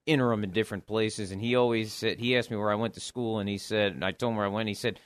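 A man, a sports journalist guest, telling wry stories and analyzing high school football. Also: fairly even intonation, fast talker, clear, resonant tone, no room sound. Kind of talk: casual sports chat.

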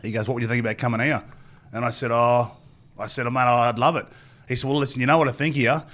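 A man's voice: medium pitch, fairly even intonation, quick pace, a bit bright. A middle-aged man with an Australian accent, a former rugby player telling long rambling stories as an interview guest and acting out what others said. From Queensland, Australia. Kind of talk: storytelling interview.

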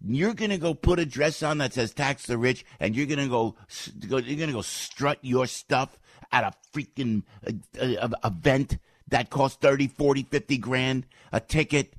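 A middle-aged man, a stage comedian, delivering a heated political rant, indignant and repeating himself, his voice leaping up and getting loud when riled. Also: medium pitch, normal speed, dry recording, studio quality. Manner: repeats phrases, restarts sentences.

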